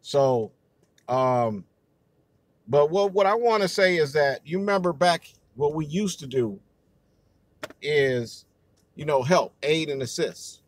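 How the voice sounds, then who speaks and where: A man's voice: fairly high pitch, expressive, slow, pauses often, dry recording. Profane, rambling man on a dry mic. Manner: loose, profane, rambling with many fillers. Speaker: livestream host. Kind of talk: casual livestream talk.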